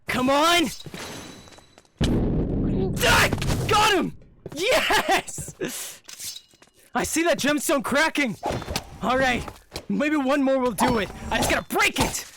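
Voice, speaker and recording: A man playing through a live roleplay game, excitable, talking to himself and cheering with yelps. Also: very high voice, moderate pace, noisy background. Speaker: roleplay player. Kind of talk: live roleplay gameplay chat.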